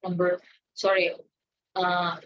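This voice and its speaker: Slow, deliberate woman teaching test tips. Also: on the low side, monotone. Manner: slow, deliberate, checks in with "okay" and "right". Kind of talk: exam tips lesson. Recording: dull lo-fi sound.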